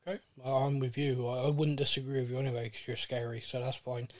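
A man hosts a relaxed podcast and keeps teasing his guest with dry jokes. His voice sits at a medium pitch, and his chat is easygoing and playful. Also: fast. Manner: teasing, jokey. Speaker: podcast host.

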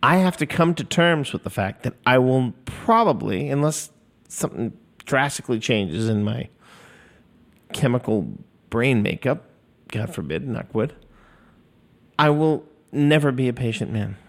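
A man's voice: medium pitch, animated, unhurried, pauses often. A man in his fifties hosting a solo podcast in a studio, rambling, self-deprecating and swearing freely. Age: 50s. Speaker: podcast host. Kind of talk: casual solo podcast monologue. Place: recording studio. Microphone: studio microphone.

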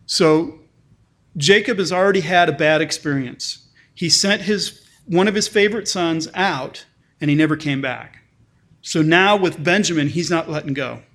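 A male pastor with a slightly high, somewhat bright voice delivers a conversational sermon at normal speed. He often restarts and repeats words, and lifts his emphasis when reading scripture passages aloud.

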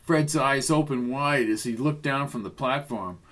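A man narrating a mystery audiobook in a steady, even voice. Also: mid-range voice, unhurried. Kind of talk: scripted narration.

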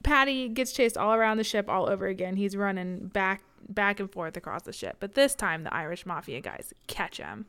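A woman co-hosts a casual book podcast. Her voice is smooth and clear, and her pitch sits at a middle level. She retells the story with sarcasm and laughs often. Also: lively intonation, normal speed, hardly any pauses, a bit bright. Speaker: podcast co-host.

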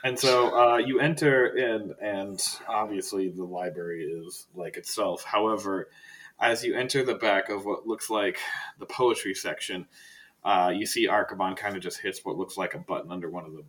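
A man narrating a tabletop game as game master, casual and halting. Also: lowish voice, fairly bright tone, slight background noise. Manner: casual, halting, with many fillers.

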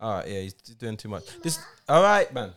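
Guy in his 40s, bouncy pitch, keeps repeating himself, teasing his mate. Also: big pitch swings, normal speed, a bit bright. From UK, Jamaican heritage. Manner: playful, repetitive, pushy questioning. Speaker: podcast co-host. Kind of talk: casual banter.

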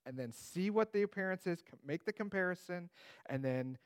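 Bible teacher, male, slightly higher pitch, casual delivery with quips. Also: lively intonation, moderate pace. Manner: conversational, with joking asides.

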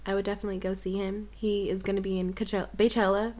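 A young adult woman co-hosting a podcast, chatting casually as an enthusiastic pop fan who pushes back quickly. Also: medium pitch, little pitch movement, a little mellow. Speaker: podcast co-host. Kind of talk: casual chat.

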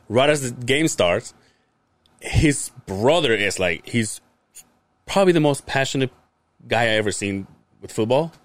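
Animated swearing man telling a story. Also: mid-range voice, slow, long pauses, no room sound. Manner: animated, swears freely, acts out quoted lines. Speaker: podcast host. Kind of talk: casual storytelling chat.

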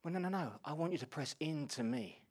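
A man playing a gentle, insistent Jesus in a sermon skit, speaking softly and coaxingly. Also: fairly high pitch, animated, a little fast, breathy edge.

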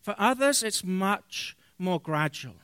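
A man preaching a sermon as pastor, reading scripture aloud and explaining it earnestly, with pauses and fillers. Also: high voice, lively intonation, fairly bright tone, clear, resonant tone, dry recording, studio quality.

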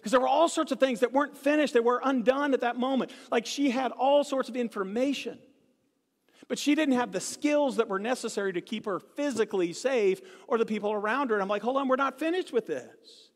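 A man preaching a sermon as pastor, telling stories with humor and animated swings in tone. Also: very high-pitched, brisk. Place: church sanctuary. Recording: live church hall reverb.

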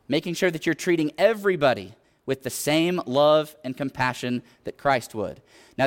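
A man preaching a sermon in an earnest, exhorting way, often retelling scripture stories. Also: a little high.

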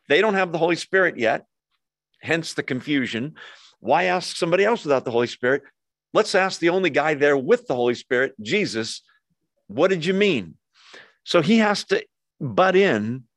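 A male pastor preaching a conversational sermon, acting out quoted voices with lively asides. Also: a little high, no echo.

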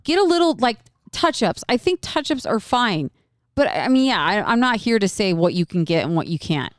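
A young woman hosting a podcast, telling a story in casual chat, animated and profane, laughing often. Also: medium pitch, moderate pace, no echo, clean studio sound. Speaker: podcast co-host.

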